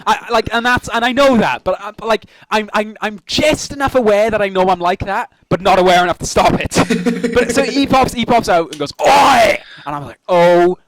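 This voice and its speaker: A man's voice: high-pitched, a little fast, few pauses. A young man, a podcast co-host, telling funny stories in casual chat, swearing and acting out the voices of the people in them.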